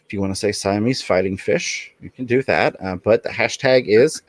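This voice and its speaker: A man's voice: lowish voice, brisk, no echo. A man hosting a casual livestream in an upbeat way, reading the chat aloud and thanking viewers. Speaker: livestream host.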